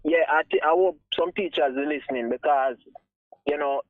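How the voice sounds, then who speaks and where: A man's voice: a little high, moderate pace, no room sound. A man with a Jamaican accent calling into a radio show, speaking earnestly and emphatically in a mix of patois and English. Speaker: caller. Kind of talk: casual talk radio call. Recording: tinny phone line.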